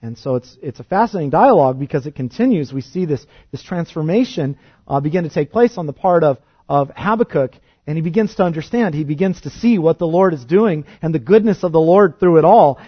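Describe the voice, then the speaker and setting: Earnest high-voiced male preacher, dull recording. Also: lively intonation, fairly quick, husky. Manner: earnest, rises to emphatic peaks then drops soft and low. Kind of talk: sermon.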